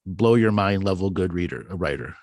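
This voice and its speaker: A man's voice: sits low, lively intonation, fairly quick, a little mellow, dry recording, studio quality. A man hosting a casual live call-in chat, rambling and enthusiastic, often restarting his words. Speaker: show host.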